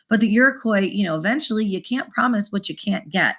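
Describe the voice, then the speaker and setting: Chatty woman teacher, gravelly edge. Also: mid-range voice, expressive, fast talker, a bit bright. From United States. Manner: chatty, addresses viewers as guys. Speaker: history teacher. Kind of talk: casual video lesson.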